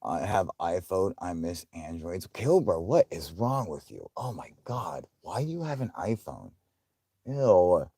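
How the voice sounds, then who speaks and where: A man's voice: sits low, very animated, a little slow, mellow, husky, no room sound, clean studio sound. A man hosting a live stream, chatting casually with viewers in a profane, rambling way and laughing often.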